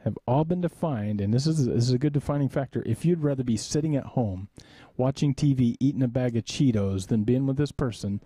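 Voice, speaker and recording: A man hosting a live stream from a small studio, talking straight into a desk mic. His voice is mellow and dark at a middle pitch. He rambles through a self-deprecating story and keeps breaking into laughter. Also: brisk, few pauses, slight background noise. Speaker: live webcast host. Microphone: desk microphone in a studio.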